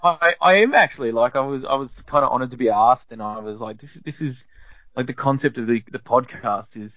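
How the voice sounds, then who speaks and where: A man's voice: medium pitch, fairly quick, no echo, lo-fi sound. A man appearing as a podcast guest, speaking in rambling, hesitant casual chat full of restarts.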